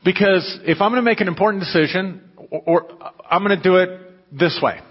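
A man's voice: high voice, fairly quick, slightly rough. A man preaching a sermon to his congregation in a conversational manner, breaking into emphatic, raised bursts. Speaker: pastor. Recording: dull muffled audio with long hall reverb.

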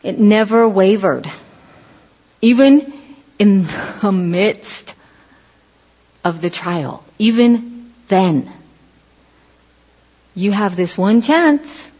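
Middle-aged woman preacher, husky voice, casual storytelling sermon, long hall reverb, dull lo-fi sound. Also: medium pitch, extremely slow, pauses often. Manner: animated storytelling, acts out quoted voices.

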